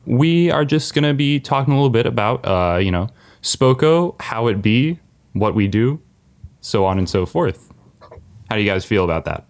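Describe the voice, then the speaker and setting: A man's voice: mid-range voice, expressive, moderate pace. A man hosting a casual podcast chat, upbeat and joking as he leads the questions. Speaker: podcast host.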